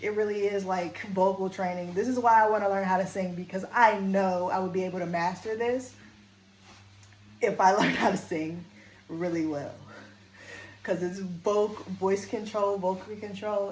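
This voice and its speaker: A woman coach talks straight to her viewers in a casual vlog, earnest and deliberate. She shifts between firm and gentle tones. Her slightly low voice rings in an echoey room with a faint hiss of ambience behind it. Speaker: vlogger and coach. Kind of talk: casual talking-to-camera vlog.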